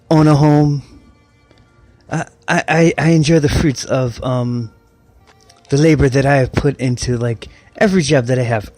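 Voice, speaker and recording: A middle-aged man rants casually in a rambling, mocking way, tripping over his own restarts and swearing freely. His voice sits at an ordinary middle pitch, with faint music playing behind him. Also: darkish tone, no echo. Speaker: online commentator. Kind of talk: casual rant.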